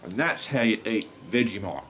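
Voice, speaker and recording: This just-woken Australian man is very animated as he rambles to camera in his vlog, dropping mild swears often. His voice is on the low side and a bit bright at a moderate pace, with slight hiss or hum.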